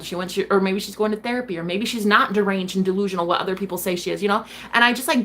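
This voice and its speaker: A woman's voice: mid-range voice, fairly bright tone, slight background noise. A woman hosting a tarot live stream, talking casually in a rambling, heated way, swearing freely and saying "like" a lot. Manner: rambling, heated and profane, heavy on "like".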